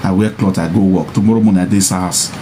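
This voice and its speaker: A man with a Nigerian Pidgin accent preaching about marriage to men in a monologue. He repeats his points and rises into high mocking taunts. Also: steady tone, racing, noisy background. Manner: insistent and repetitive, mocking, rising to high taunts. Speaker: social media personality.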